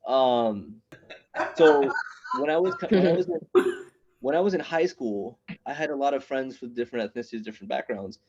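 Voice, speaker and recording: A man's voice: medium pitch, normal speed, darkish tone, slightly rough, highs cut off. A man in his thirties doing a stand-up comedy set, rambling and conversational, often restarting his sentences. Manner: rambling, conversational, self-interrupting. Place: small open-mic venue, online.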